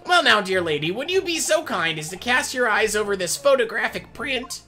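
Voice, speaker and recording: A pompous, flowery gentleman, put on by a man reading game lines. He speaks high and theatrical, with swooping, fawning phrasing. Every sentence is dressed up in over-polite ornament. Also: sing-song, normal speed, faint music behind, heavily acted. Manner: ornate, fawning delivery. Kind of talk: game dialogue voicing.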